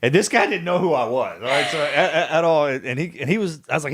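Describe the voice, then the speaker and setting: A man's voice: on the high side, fast, breathy edge, no echo. A man hosting a podcast, telling a story in casual chat, acting out other people's lines and tossing in "man". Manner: animated storyteller, acts out quotes, says "man" a lot. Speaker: podcast host.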